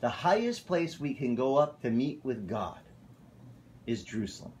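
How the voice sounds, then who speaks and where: A male pastor delivers an animated, storytelling sermon at a church fellowship. His voice sits at a medium pitch and moves easily between reading and chatting. Faint room noise hangs behind him. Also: normal speed. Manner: animated, storytelling, self-correcting.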